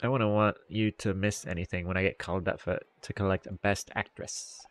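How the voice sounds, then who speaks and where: A man's voice: deep voice, steady tone, brisk, smooth, close to an everyday voice. A man doing a haughty boastful actress. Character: haughty young female TV actress, self-centred.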